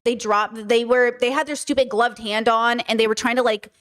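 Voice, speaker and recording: A woman's voice: on the high side, fairly even intonation, moderate pace, fairly bright tone. A woman hosting a podcast, giving frank, casual commentary full of "like" and "okay" and the odd swear word. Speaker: podcast host reacting to clips.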